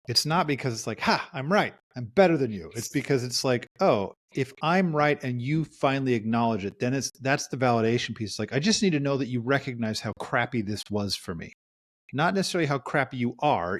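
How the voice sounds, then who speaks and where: A man's voice: medium pitch, dry recording. Reflective man, dry close sound. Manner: reflective, acts out quoted lines. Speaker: therapist podcast co-host. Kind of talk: casual podcast discussion.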